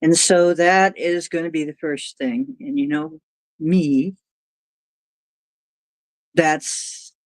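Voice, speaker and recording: A woman's voice: sits low, steady tone, slow, long pauses, a little mellow, no room sound. A woman hosting a livestream, chatting casually and rambling, now and then cooing at her cat. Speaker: livestream host.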